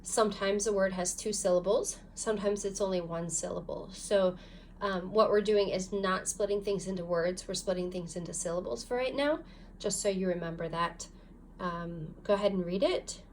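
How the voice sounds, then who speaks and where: A woman's voice: medium pitch, normal speed, a little mellow, a little hiss or hum. A woman teaching a phonics lesson, patiently guiding learners step by step through reading syllables aloud. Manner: patient, guiding, gives clear step-by-step instructions. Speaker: language teacher.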